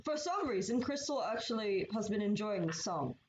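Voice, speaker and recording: A woman's voice: medium pitch, lively intonation, moderate pace, a little mellow. A woman streamer chatting casually and laughing while she draws. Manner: giggly, chatty. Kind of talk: casual chat. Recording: roomy, dull stream audio with faint hiss.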